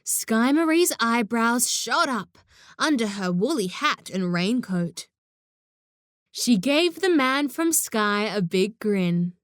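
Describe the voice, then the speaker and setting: A woman narrating a children's audiobook in an expressive storytelling manner, close to the mic. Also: on the high side, slow, no room sound.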